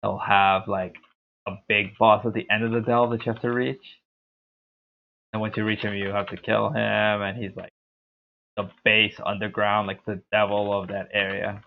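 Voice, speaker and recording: Creaky-voiced male gaming streamer. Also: fairly low pitch, little pitch movement, normal speed, a little hiss or hum. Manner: rambling, self-deprecating. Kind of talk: casual gameplay commentary. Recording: tinny phone-like sound.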